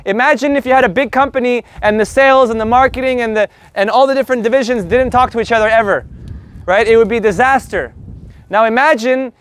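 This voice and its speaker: A man teaching an energetic, joking online Spanish lesson, stretching words out slowly as he sounds them. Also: very high voice, smooth. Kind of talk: lively online language lesson.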